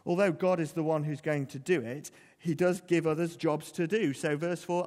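A man's voice: on the high side, steady tone, normal speed, hardly any pauses, darkish tone, in a large hall. A man preaching a sermon in a conversational, earnest way, often putting questions to the congregation.

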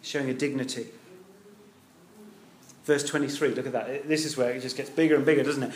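A man preaching a sermon to a congregation, animated, acting out the quoted voices and putting questions to his listeners. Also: on the high side, fairly quick, a little hiss or hum. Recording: echoey hall.

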